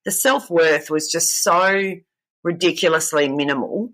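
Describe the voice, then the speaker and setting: A woman's voice: low voice, unhurried, a bit bright. A woman speaking frankly and with humour in a casual podcast conversation.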